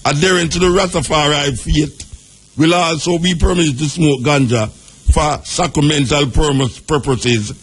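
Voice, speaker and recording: A Jamaican radio host reading out a legal text, breaking into patois asides between the clauses. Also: male voice, a little high, breathy edge. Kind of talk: reading and commenting on a law.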